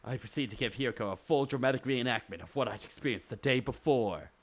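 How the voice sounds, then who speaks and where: A man streaming a visual novel, reading the protagonist's lines and narration aloud in an animated way. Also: mid-range voice, fast, a little hiss or hum. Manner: animated, self-mocking, swears freely.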